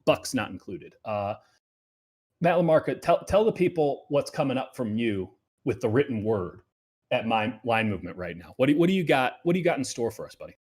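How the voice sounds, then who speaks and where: Animated male sports betting host. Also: medium pitch, brisk, husky. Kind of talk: casual betting talk.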